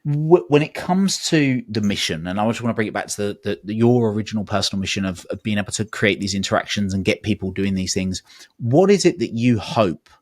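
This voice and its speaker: A man with a low voice hosts a podcast interview. He asks long, thoughtful questions that wind their way to the point. His voice sounds dry and close, with little room echo. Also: expressive, a little fast. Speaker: podcast host. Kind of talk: conversational interview.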